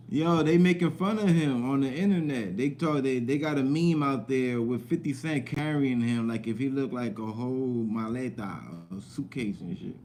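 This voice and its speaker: A man's voice: medium pitch, normal speed, hardly any pauses, dark tone, a little hiss or hum. A young man with a slight Southern US accent, hosting a casual livestream chat in loose, rambling street slang. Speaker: livestream host.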